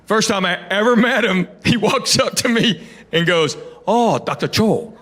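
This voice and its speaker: Bright and forceful, this high-pitched man talks at normal speed amid slight background noise. He's a middle-aged stand-up comedian from Knoxville, Tennessee, performing for a live audience and telling stories with quoted voices and playful remarks aimed at the crowd.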